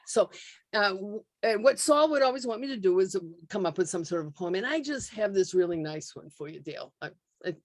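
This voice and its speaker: A woman hosts a meeting over a video call, talking in a halting way with many fillers and small laughs. Her voice sits at a middle pitch. The sound is dry and close. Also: no room sound. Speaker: meeting host. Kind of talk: casual introduction and poem reading.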